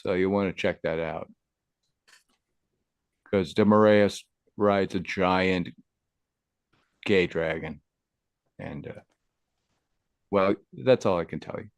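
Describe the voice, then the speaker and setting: A man who makes a parody magazine, joking crudely in a relaxed podcast chat. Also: sits low, slow pace, gravelly, pauses often, no room sound. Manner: crude joking, laughs often. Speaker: magazine creator.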